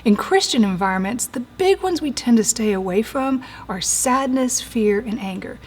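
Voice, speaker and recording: A woman in her forties or older, a therapist giving an earnest teaching talk, slowing down and dropping to a soft whisper for emphasis. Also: a little high, expressive, breathy edge. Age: 40s or older.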